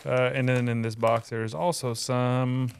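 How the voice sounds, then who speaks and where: A man's voice: medium pitch, level tone, a little slow, creaky, smooth. A man hosting a barbecue podcast, chatting casually in a rambling, easygoing way. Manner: rambling, easygoing, many fillers. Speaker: podcast host. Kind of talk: casual chat.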